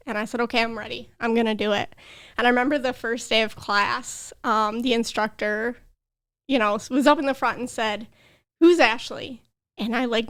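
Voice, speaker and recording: A young adult woman, a podcast guest, earnestly telling a personal story with emotion. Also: a little high. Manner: earnest, emotional, tearful at times.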